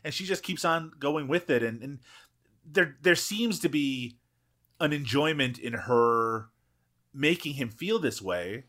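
Podcast cohost guy, bright sharp voice, rambles on with restarts. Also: medium pitch, expressive, a little slow. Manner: rambling, frequent restarts, swears. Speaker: podcast co-host. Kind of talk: casual chat.

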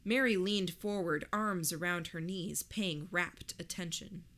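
A woman reading a first-person story aloud in a measured, reflective way. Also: fairly low pitch, fairly bright tone. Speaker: narrator. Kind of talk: first-person audiobook narration.

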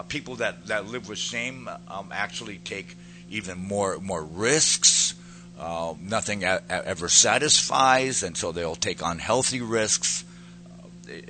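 A man's voice: low-pitched, background noise. A man giving an earnest personal testimony that turns into preaching, building to emphatic peaks as he speaks to a pastor.

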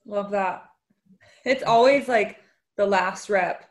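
A woman hosting a podcast, chatting casually with quick interjections and easy laughter. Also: mid-range voice. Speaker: podcast host.

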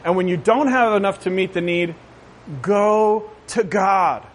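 High-voiced man preaching a sermon. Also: unhurried, a little hiss or hum. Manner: conversational, asks the crowd "right?"; jokey asides. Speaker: pastor.

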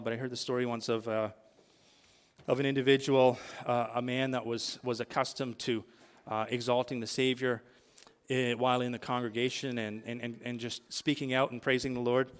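A man's voice: mid-range voice, little pitch movement, brisk, long reverb tail. A male pastor preaching a sermon, asking the congregation questions and building emphatic lists.

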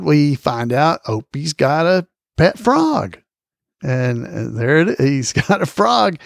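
A man's voice: on the high side, gravelly, dry recording, studio quality. A male podcast host chatting casually about trivia, rambling with lots of fillers and small chuckles.

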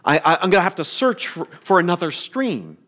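A man's voice: sits high, big pitch swings, fairly quick, fairly bright tone. A pastor voicing a proud but frightened young girl in a sermon story, hesitant and stammering. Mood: fearful.

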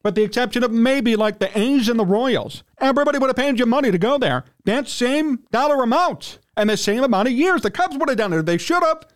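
High-pitched indignant man ranting on sports. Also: lively intonation, fairly quick, few pauses. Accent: Chicago. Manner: indignant, ranting, pitch jumps when worked up. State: clearing his throat, worked up. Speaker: sports talk radio host. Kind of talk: heated sports talk rant.

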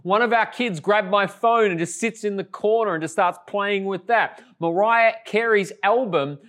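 A middle-aged Australian man, a pastor, opens a sermon with a conversational story that swings between lively and hushed, tender tones. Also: sits high, moderate pace.

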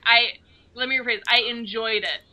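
Female guest, fairly high voice, playful, loud chatter behind. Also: fairly even intonation, normal speed. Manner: playful, hedging, laughs. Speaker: podcast guest. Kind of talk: casual podcast banter.

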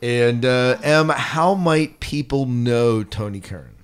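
A man's voice: medium pitch, lively intonation, takes it slowly, clean tone. Upbeat man hosting a podcast. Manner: upbeat, show-opening. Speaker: podcast host. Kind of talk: casual chat.

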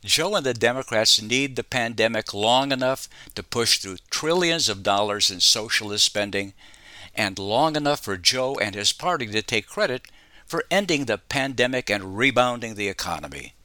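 A man's voice: medium pitch, animated, moderate pace, sharp tone, no room sound. A man delivering scripted political commentary with sarcastic, mocking asides.

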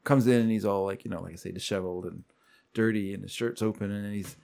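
A man's voice: on the low side, fast, vocal fry. A man casually retelling a show's plot on a podcast, acting out the characters' lines as he goes. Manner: lively storytelling, acts out characters' lines. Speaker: podcast co-host recapping a show. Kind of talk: casual chat.

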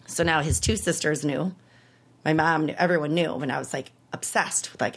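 Woman in her thirties, interview guest, low-pitched voice, candid and emotional storytelling. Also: normal speed.

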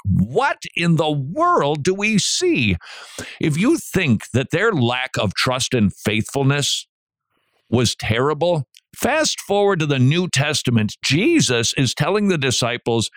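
Animated middle-aged male radio host. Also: medium pitch, measured pace, dry recording, clean studio sound. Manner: animated preaching delivery with asides and restarts. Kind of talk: Christian radio talk.

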